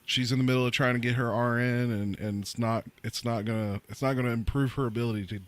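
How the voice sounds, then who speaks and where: A man's voice: mid-range voice, steady tone, smooth. A man in his early forties chatting casually in a group and telling a family story, often stumbling and repeating his words. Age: 40s. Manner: halting, repeats words while telling stories. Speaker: open mic participant.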